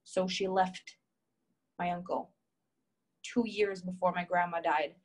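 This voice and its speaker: A woman's voice: fairly low pitch, flat delivery, takes it slowly, rough recording. Emphatic woman coaching live. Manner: emphatic, heartfelt, repetitive. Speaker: relationship coach. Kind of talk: live coaching session reading viewer comments.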